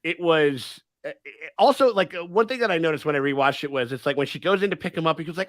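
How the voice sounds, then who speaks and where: A man hosting a casual livestream chat, excitable and rambling, with many restarts and swearing. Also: a little high, quick pace, no echo. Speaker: livestream host.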